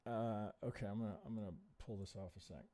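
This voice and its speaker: Speaking fast in a fairly low, dark voice, a man hosts a live chart review as a trading analyst. Frustration shows as he swears under his breath, mutters to himself, and reasons aloud with rhetorical questions.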